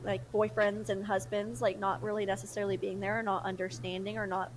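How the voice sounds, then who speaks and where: Chatty young mom with a twang. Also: female voice, mid-range voice, fairly quick, slight background noise, poor audio. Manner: animated and emotional, quotes others in lively voices. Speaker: podcast co-host. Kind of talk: casual chat.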